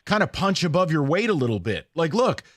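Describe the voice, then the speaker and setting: A man hosting sports talk radio, ranting with exasperation in quick, animated bursts. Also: fairly high pitch, no room sound, clean studio sound. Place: radio studio.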